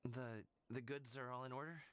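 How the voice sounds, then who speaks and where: A man's voice: mid-range voice, fairly even intonation, normal speed, clean tone, natural voice. An actor playing a hesitant young male escort companion in a game, stumbling over fillers. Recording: quiet game audio heard from far off under the stream.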